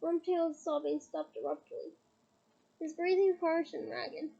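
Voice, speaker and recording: Woman reader, high mellow voice, unhurried, deliberate storytelling, dull lo-fi recording. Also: steady tone, creaky. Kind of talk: audiobook reading.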